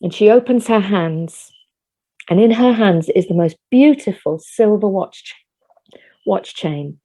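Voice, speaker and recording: A woman telling a folk tale at an online concert over a video call, gentle, measured and vivid. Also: medium pitch, lively intonation. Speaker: folk storyteller.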